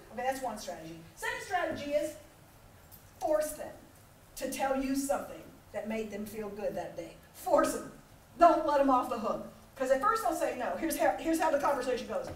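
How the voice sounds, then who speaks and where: A middle-aged woman gives a motivational keynote talk as a conference speaker in a large conference hall, telling stories animatedly, acting out voices, and laughing often. Her voice is high-pitched at a normal speed, recorded from far off in the echoey hall with slight background noise.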